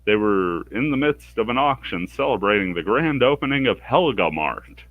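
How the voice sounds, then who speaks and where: Brief: deep-voiced male streamer, dry wit, swoops up in pitch when reading characters, close dry mic. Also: expressive, moderate pace, no room sound, phone-quality sound. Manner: wry and sarcastic, bursts into higher pitch for characters' lines. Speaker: let's play streamer. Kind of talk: reading game dialogue aloud with sarcastic commentary.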